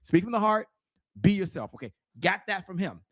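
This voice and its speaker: Middle-aged male guest, lively storyteller, talks straight to the audience, voice a touch high and swinging. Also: fairly quick, vocal fry. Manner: animated, preacher-like, addresses viewers directly. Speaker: guest, sales strategist. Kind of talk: energetic interview storytelling.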